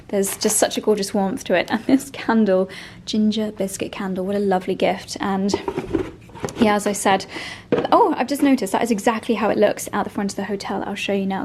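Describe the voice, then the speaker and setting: A woman's voice: mid-range voice, a little mellow. A woman in her thirties chatting casually to camera in a vlog, gushing and enthusiastic about what she shows. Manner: gushing and chatty, coos at a dog. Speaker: vlogger. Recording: slightly distant mic with faint noise.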